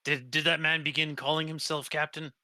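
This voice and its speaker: A man's voice: fairly high pitch, flat delivery, brisk, bright, forceful tone, no room sound, voice pushed up. A man voicing a wary, homesick male sailor who speaks plainly and calls others buddy or friend. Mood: weary. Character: weary homesick male sailor, former crew.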